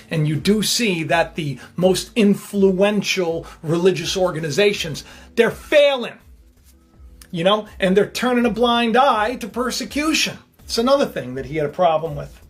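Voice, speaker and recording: High-voiced rambling male commentator. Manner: rambling, jokey, repeats himself. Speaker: YouTube commentary host. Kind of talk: casual commentary.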